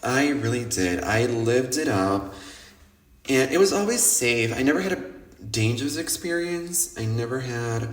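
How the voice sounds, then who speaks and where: Animated male podcast host in a roomy space. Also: mid-range voice, unhurried. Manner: animated, swears freely, acts out quoted people. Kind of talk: casual storytelling monologue. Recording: roomy echo.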